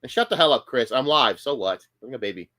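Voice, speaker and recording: A man streams live from his home setup, reacting with heated, profane outrage. His pitch swings widely between low grumbles and sudden high outbursts. He stammers and restarts his sentences as he works himself up. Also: expressive, brisk, pushed and bright.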